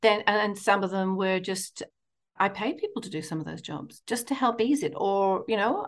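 Animated woman, middle-aged counsellor. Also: medium pitch. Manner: animated, laughing storyteller, acting out inner voices. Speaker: counsellor and hypnotherapist guest. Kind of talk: storytelling interview chat.

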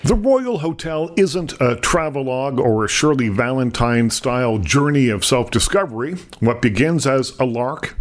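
A man, the show's film critic, delivering a scripted review with dry wit. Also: mid-range voice.

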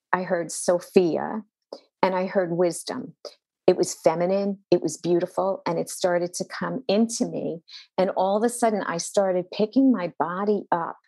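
In a low, gravelly, mellow voice, a woman pastor shares her personal faith story as a podcast guest. She speaks earnestly and intensely, speeding up and slowing down. The recording is dry.

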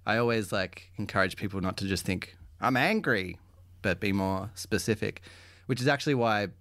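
Australian man, casual chat, lowish voice, dry sound, quick laughs. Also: fairly bright tone, no echo. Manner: chatty, laughs often. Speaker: podcast host and improv teacher.

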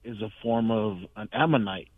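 A male caller sharing a personal testimony in a rambling, halting, emotional way over the phone. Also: lowish voice. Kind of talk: call-in testimony. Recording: tinny phone line.

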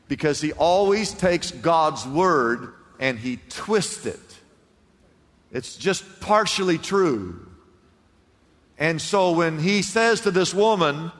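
A high-voiced male pastor preaching with animated swings between shouted lines and near-whispers. His voice rings out through a church, with a long reverb trailing each phrase. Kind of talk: sermon.

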